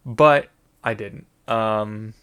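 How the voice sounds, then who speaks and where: A man's voice: lowish voice, drawn-out words, a bit bright, smooth. A man giving a casual spoken movie review, rambling with many fillers and restarts and swearing freely.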